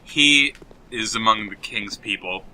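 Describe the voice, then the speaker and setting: A man's voice: on the low side, measured pace, sharp tone. A man co-hosting a gaming show, retelling a film plot in a rambling, dismissive way with lots of fillers. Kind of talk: casual chat while playing a game. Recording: game music behind the voice.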